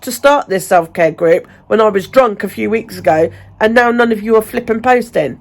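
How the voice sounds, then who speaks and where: A woman's voice: medium pitch, moderate pace, few pauses. A woman vlogging at home in casual chat, ranting chattily and swearing freely.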